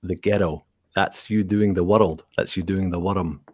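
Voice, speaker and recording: Deep-voiced Scottish man, dry sound. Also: steady tone, a little slow, darkish tone, slightly rough, no echo. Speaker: guest ASMR creator. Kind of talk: casual chat.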